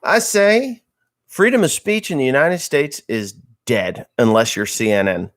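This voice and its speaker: A man's voice: mid-range voice, sing-song, moderate pace. A man hosting a casual livestream from home, reading viewer comments aloud and joking crudely. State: just woke up, a little slow. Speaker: livestream host.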